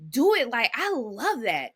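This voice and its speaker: Bright-voiced woman, earnest and emphatic. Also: on the high side, wildly swooping pitch, measured pace, slight background noise. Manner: earnest, thinking aloud, emphatic. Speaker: podcast co-host. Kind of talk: casual sports talk.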